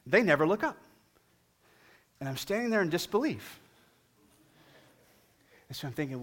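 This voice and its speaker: A middle-aged male pastor preaching a sermon and telling a humorous story with animated delivery. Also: fairly high pitch, a little fast, pauses often.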